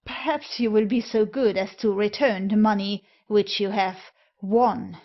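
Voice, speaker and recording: A woman's voice: mid-range voice, unhurried, close to an everyday voice. A woman reading the part of a haughty male traveller who speaks with icy, formal politeness. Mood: coldly polite. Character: cold, haughty male fellow traveller, coolly superior. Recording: dull lo-fi recording.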